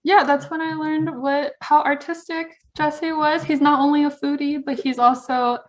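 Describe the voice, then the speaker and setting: Earnest, rambling woman, somewhat high voice. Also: level tone, normal speed. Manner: earnest and rambling, many fillers. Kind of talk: casual chat.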